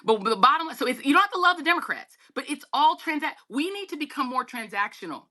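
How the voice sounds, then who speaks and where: A woman's voice: lively intonation, fast, sharp tone. A middle-aged woman, a guest journalist, talking politics in an emphatic, conversational way and calling listeners y'all. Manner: emphatic, swings pitch widely, talks to listeners as y'all.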